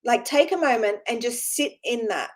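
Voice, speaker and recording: A woman's voice: fairly high pitch, lively intonation, normal speed, poor audio. A woman giving an informal spiritual talk as a teacher, earnest and encouraging, rambling and repeating words as she keeps checking in with her listeners.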